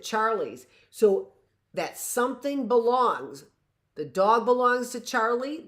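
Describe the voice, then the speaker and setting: A middle-aged woman teacher giving a live reading lesson to young children, slow and emphatic, repeating key phrases and checking in with "right?". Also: mid-range voice, a bit bright, reverberant.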